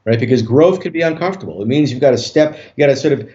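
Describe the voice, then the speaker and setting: A man, a hypnotist guest on an interview show, tells a story in a relaxed way with many fillers and restarts. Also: medium pitch, racing. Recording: dull lo-fi audio.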